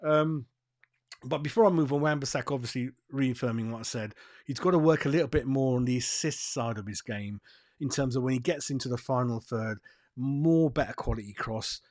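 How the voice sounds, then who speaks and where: A man's voice: medium pitch, fairly quick, a little mellow. A man hosting a football fan channel, giving a blunt, profane and fired-up rant on transfer news. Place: seated, in a dry room.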